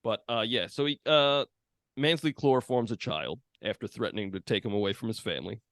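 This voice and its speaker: A man's voice: lowish voice, a little fast, a bit bright, no echo, studio quality. A man hosting a podcast, chatting casually and retelling film scenes with lots of fillers. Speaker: podcast host.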